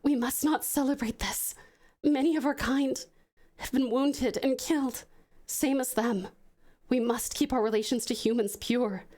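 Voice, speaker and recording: A woman voicing a grave, measured wolf mother. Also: sits high, fairly even intonation, mellow, voice pushed up. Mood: solemn. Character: solemn wolf mother, wise elder.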